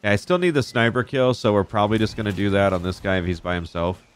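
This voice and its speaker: A man giving excitable, profane, joking gameplay commentary, talking back at characters on screen. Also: lowish voice, fast talker, smooth. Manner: excitable, profane, jokey, talks to game characters. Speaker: gaming YouTuber.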